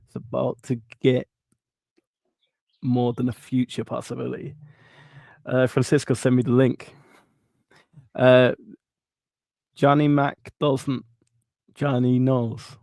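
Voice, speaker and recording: A man's voice: medium pitch, flat delivery, slow pace, gravelly, pauses often, darkish tone, no room sound. A man hosting a casual livestream, upbeat and jokey, greeting viewers by name and reading their comments. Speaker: livestream host reading chat.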